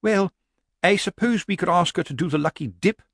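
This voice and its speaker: A man's voice: high voice, a little fast, a bit bright, no echo, studio quality, voice pushed up. A man doing a pompous, fussy committee lady. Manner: pompous, accusing.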